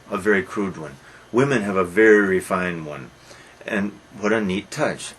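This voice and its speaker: A man with a lowish voice lectures on a play in a musing, emphatic way. He slows down and drops to a soft, low delivery when he reads quoted passages. A faint hiss runs under his voice. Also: poor audio. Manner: musing, emphatic, reads quotations slowly and softly. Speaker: literature lecturer.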